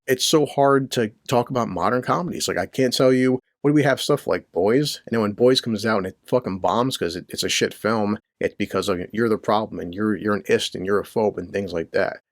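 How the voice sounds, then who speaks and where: A man's voice: lowish voice, brisk, few pauses, no echo, clean studio sound. A middle-aged man hosting his own channel, ranting crudely about the news with rhetorical questions and constant swearing. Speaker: commentary channel host. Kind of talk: profane ranting commentary. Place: home basement near a boiler.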